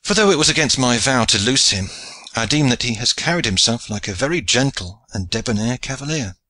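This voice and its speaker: Chivalrous knight, clipped and formal, breathy timbre; the narrator reads him. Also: male voice, medium pitch, animated, a little fast, bright, forceful tone, no room sound, pitched above the performer's own voice, rough recording. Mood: solemn. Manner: terse and formal. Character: curt, chivalrous male English knight.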